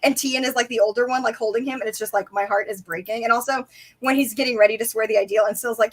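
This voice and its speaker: Excitable swearing young woman chatting. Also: a little high, fast talker, rough recording. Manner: excited, swears a lot, acts out quotes. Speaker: book discussion co-host. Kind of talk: casual live-stream chat.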